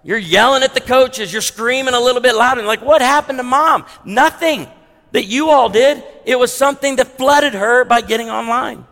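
A man's voice: extremely high pitch, normal speed, a bit bright. A man preaching a sermon as pastor, conversational with humorous asides. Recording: long hall reverb.

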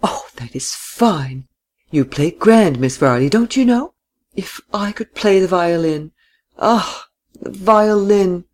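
A man's voice: sits high, animated, slow, voice pushed up. A man doing a frail, gushing little woman. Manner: gushing, pleading. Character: frail excitable childlike little woman of forty.

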